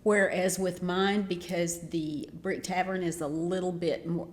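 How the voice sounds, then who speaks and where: A woman's voice: fairly low pitch, fairly even intonation, a little slow. A woman co-hosting a casual knitting chat in a yarn shop, talking hesitantly and laughing at herself.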